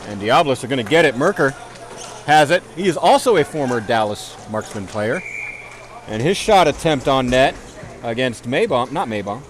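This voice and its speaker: A man calling play-by-play for a ball hockey game, rambling into self-deprecating asides between plays and shouting on goals. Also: on the high side. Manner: excited calls on goals. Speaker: play-by-play commentator.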